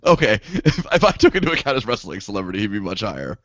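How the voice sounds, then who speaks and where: Lively, low-pitched casual man. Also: quick pace, no room sound. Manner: laid-back, lots of fillers and laughs. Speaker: podcast co-host. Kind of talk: casual chat. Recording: dull lo-fi dry sound.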